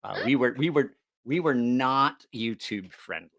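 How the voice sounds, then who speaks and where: A man hosting a casual livestream chat, telling a profane story with lots of laughter and animated asides. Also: mid-range voice, a little slow, vocal fry. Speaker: knife channel host.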